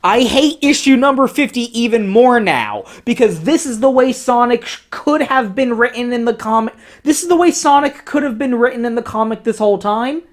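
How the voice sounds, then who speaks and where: A man giving a profane, sarcastic commentary while reading from comic panels. He swings between excited outbursts and mocking lows. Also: normal speed. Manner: sarcastic, profanity-laden ranting. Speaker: comic book reviewer.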